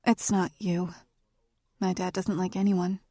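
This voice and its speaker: A woman voicing a guarded, weary young woman in a whispered role-play, speaking in a soft, hushed way. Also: lowish voice, level tone, measured pace, no echo, studio quality.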